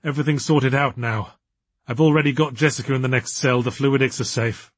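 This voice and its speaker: A man's voice: medium pitch, fairly even intonation, a little fast, no room sound, lightly acted. A man voicing a nervous, anxious but determined young woman in a raised, tense voice.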